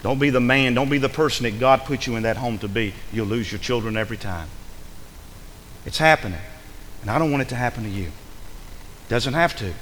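A man preaching a sermon, lively and forceful, acting out the voices of the people he addresses. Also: medium pitch, a little fast, pauses often, in a large hall, a little hiss or hum, poor audio. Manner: animated preaching, acts out imagined voices. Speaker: pastor.

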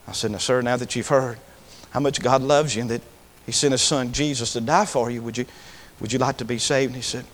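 A male preacher tells a story from his ministry in a sermon. His pitch sits in a middle range. He builds from plain telling into passionate, pleading preaching. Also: steady tone, fairly quick, hardly any pauses. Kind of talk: sermon testimony.

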